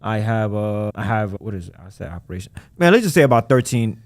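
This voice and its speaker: A man who runs a credit repair business, talking as a guest in a casual podcast conversation, animated and emphatic with lots of slang. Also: on the low side, brisk, dry recording.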